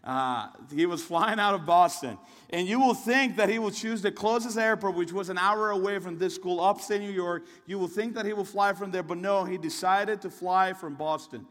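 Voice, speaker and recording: A fairly high-voiced young man preaches a sermon, telling a story in a chatty, rambling way. His voice rings out with the long reverb of a big hall. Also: normal speed, a bit bright. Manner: conversational and storytelling, with restarts and asides.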